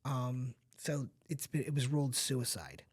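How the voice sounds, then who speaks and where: A middle-aged man speaking as a podcast guest, his voice pitched in an ordinary middle range. He tells a hard personal story candidly and earnestly, with many asides to the listener. The emotion comes close to the surface at times. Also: expressive, measured pace, darkish tone, breathy edge. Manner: earnest and confiding, talks straight to the listener with frequent asides.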